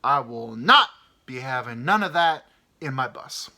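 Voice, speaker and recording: A man voicing a fed-up male bus driver who shouts stern ultimatums. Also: mid-range voice, monotone, very slow. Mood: bellowing.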